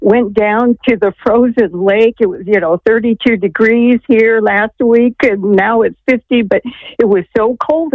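A woman's voice: medium pitch, dry recording. Earnest woman caller on tinny phone line. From Maine, USA. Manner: rambling, earnest, many fillers. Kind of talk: call-in testimony.

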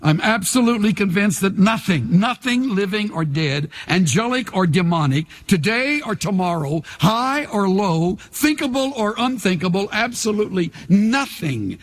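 A man's voice: high voice, expressive, moderate pace, hardly any pauses. An older male pastor preaching a sermon, leading the congregation in call-and-response with emphatic, repetitive phrasing in a large church. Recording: long hall reverb.

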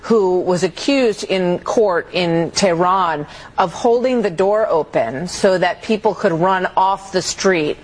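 A male interviewer asking quick, probing questions in a televised interview. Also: sits high.

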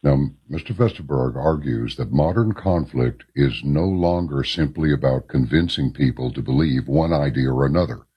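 A man's voice: rumbling low, normal speed, few pauses, breathy edge, muffled recording. A man hosting a late-night talk radio show, asking long rambling questions with folksy asides.

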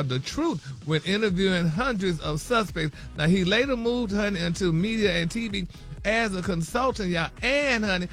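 Older man, high voice, bright tone, dramatic gossip, honey and baby in every line. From Southeast Texas. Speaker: co-host reading celebrity gossip. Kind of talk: casual gossip talk show banter.

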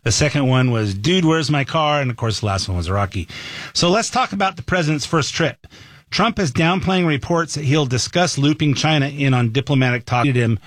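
A man's voice: mid-range voice, normal speed, no room sound, clean studio sound. A man hosting a talk show, giving opinionated news commentary in a folksy, storytelling way. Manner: folksy, animated storyteller who voices quotes.

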